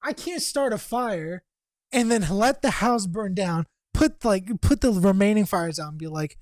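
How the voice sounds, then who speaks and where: A young man co-hosting a podcast tells a story in casual conversation, animated and profane, acting out what other people said. His voice is high and unhurried, and the recording is dry.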